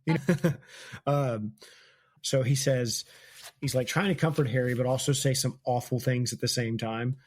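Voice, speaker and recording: A man's voice: mid-range voice, steady tone, unhurried. A man hosting a casual book-discussion podcast, chatty and laughing often as he retells scenes. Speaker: podcast host.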